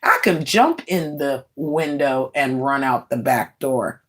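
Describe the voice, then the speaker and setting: A woman's voice: rumbling low, expressive, slow pace, a bit bright, breathy edge. A woman in her late forties ranting bluntly on a livestream, scornful and mocking, with laughing asides. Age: 40s. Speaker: livestream host. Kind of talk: livestream rant.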